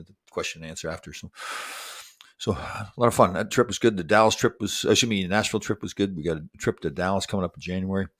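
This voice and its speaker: A man's voice: low voice, a bit bright. A man in his sixties hosting a casual livestream chat, rambling and making self-deprecating jokes. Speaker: show host.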